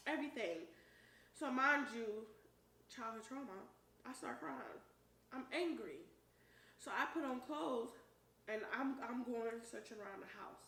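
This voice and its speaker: A young adult woman telling a personal story to camera, emphatic and profane, with loud shouted quotes. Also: on the high side, moderate pace. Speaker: vlogger. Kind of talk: storytime while eating on camera. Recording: roomy echo, voice a bit far from the mic, faint noise.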